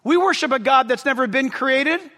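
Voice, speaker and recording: A man preaching a sermon as pastor, impassioned and yelling at times with excitement. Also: very high-pitched, moderate pace, long reverb tail.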